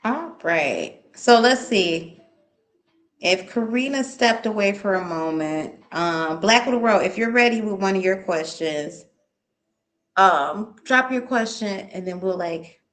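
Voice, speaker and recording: A woman's voice: fairly low pitch, measured pace, a bit bright. A woman hosting a live tarot reading stream, chatting casually and reading out viewers' questions. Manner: chatty, hums and sings to herself while waiting; reads viewers' questions aloud. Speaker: tarot reader.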